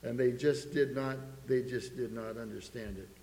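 A man's voice: mid-range voice, steady tone, normal speed, dark tone. A man preaching a sermon, earnestly reading scripture aloud to a congregation in a church. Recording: echoey hall with faint hum.

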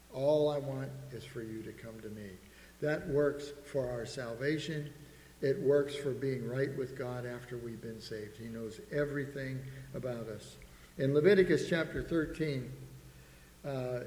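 A man's voice: mid-range voice, a little mellow. A middle-aged man preaching a sermon as a pastor, building emphasis and asking the congregation for an "Amen". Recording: echoey hall with long reverb.

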